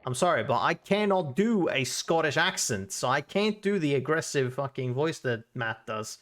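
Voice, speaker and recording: Brief: male streamer, offhand and profane, mid-pitched casual commentary. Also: expressive, moderate pace, fairly bright tone. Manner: cursing, joking asides. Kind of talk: casual let's play commentary.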